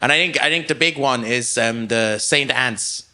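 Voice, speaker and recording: A man, from Germany, hosting a talk show and asking questions eagerly in quick bursts. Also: mid-range voice, bright, forceful tone. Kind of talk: casual interview chat.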